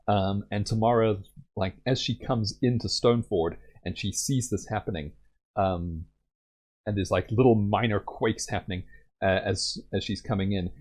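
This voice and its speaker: A man's voice: lowish voice, darkish tone. A young man narrating a solo tabletop game in a rambling way with many fillers.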